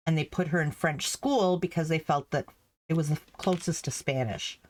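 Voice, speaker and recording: A woman's voice: sits low, moderate pace. A middle-aged woman, a former French teacher, chatting casually and telling stories, laughing often. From Canada. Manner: chatty, laughs often, acts out quoted voices. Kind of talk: casual storytelling while embroidering.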